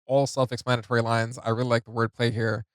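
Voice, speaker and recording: A man hosting a music reaction video, reading lyrics and annotations aloud in a casual, halting way with many fillers. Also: mid-range voice, level tone, no room sound.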